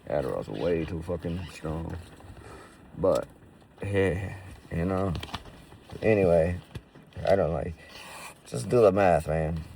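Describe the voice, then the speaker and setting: A man's voice: deep voice, expressive, slow, creaky, pauses often, dark tone, far from the mic, a little hiss or hum. A man casually telling stories to camera in profane, slangy street talk full of fillers. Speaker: roofing business owner.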